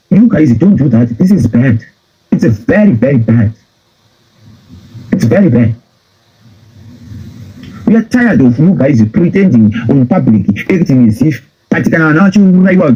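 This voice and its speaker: A man's voice: a little high, expressive, brisk, dark tone, husky. A man with a Zimbabwean accent delivering a heated political rant, scolding and repeating himself as he mixes in phrases from home. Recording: dull lo-fi recording.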